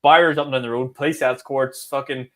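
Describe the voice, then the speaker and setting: A young Northern Irish man co-hosting a podcast, telling stories in rapid casual chat, swearing and acting out quotes. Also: mid-range voice, steady tone, fairly bright tone. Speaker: podcast co-host.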